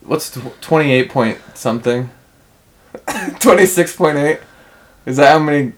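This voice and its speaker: A man chatting casually on a podcast, relaxed and quick to laugh. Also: a little high. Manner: laid-back, laughs easily. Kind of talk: casual chat.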